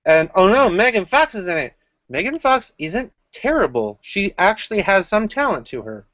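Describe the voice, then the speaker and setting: Guy hosting a chat stream, higher voice, lively jokey delivery. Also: moderate pace, no echo. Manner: joking, animated, laughs often. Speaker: stream host. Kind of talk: casual chat. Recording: dry, dull lo-fi mic.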